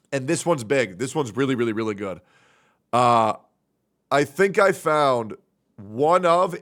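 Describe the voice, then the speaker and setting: Young guy streamer rambling, swears a ton, kinda high voice. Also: fairly bright tone. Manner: brash, profane, rambling. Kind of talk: casual stream chat.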